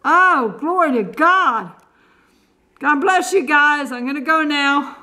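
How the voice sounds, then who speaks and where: High-voiced older woman, fervent. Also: animated, slow pace, bright, forceful tone. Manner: fervent, exclaiming praise. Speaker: Christian video blogger. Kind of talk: casual chat to camera.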